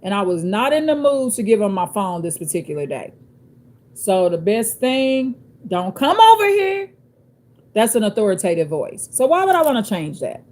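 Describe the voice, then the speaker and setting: A woman's voice: mid-range voice, very animated, normal speed, a little mellow. A woman hosting her own live stream from home, telling stories to her viewers with emphatic, repetitive phrasing and calling them y'all. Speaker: YouTube channel host. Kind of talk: live-stream chat and storytelling. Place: at home, downstairs.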